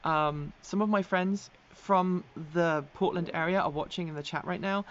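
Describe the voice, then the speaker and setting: A woman's voice: lowish voice, normal speed, lo-fi sound. An Englishwoman hosting a casual live stream, chatting and reacting to viewer comments with many ums and frequent laughs, her accent sometimes slipping toward American. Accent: English, with occasional American slips. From England. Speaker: host of an electric vehicle news live stream.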